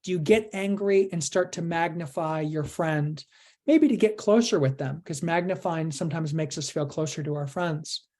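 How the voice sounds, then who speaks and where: A woman presents an online workshop in a low-pitched voice. Her tone is mellow and warm, and she coaches earnestly, asking the audience question after question. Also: normal speed.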